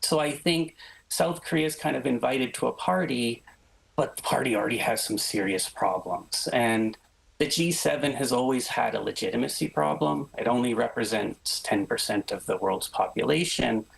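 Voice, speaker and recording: A man speaking as a guest professor and analyst in a studio discussion, measured and explanatory, often hedging his points. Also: mid-range voice, creaky, poor audio.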